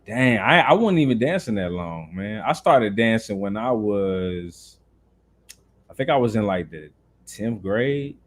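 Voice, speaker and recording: Man, Southern accent, from North Carolina, podcast guest, animated storyteller, slangy talk. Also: on the low side, measured pace. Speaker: guest, dancer. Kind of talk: casual interview chat.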